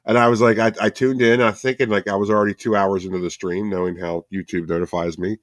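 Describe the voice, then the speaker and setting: A man's voice: fairly low pitch, flat delivery, quick pace, no room sound, clean studio sound. A man co-hosting a casual podcast chat, joking around and laughing often. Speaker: co-host.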